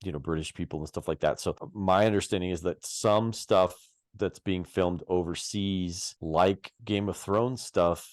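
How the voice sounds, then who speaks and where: Low-voiced rambling podcast man. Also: unhurried, dry recording, studio quality. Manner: rambling, energetic, trails off mid-thought. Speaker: podcast co-host. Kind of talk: casual chat.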